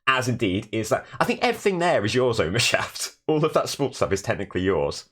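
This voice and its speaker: A young man streaming from his bedroom in a shared flat, chatting casually and self-deprecatingly and thanking viewers. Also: lowish voice, fast talker, hardly any pauses. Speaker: Twitch streamer. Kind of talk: casual live stream chat.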